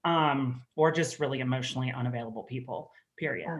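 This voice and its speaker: A man's voice: medium pitch, fast talker. A man with a Southern US accent hosting a casual interview, chatty and sassy. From Southern United States. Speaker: host.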